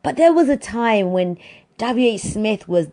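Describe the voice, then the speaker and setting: A woman's voice: a little high, animated, unhurried, dark tone. A woman vlogging in a chatty, exasperated way, swearing freely as she tells a story. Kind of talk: casual monologue.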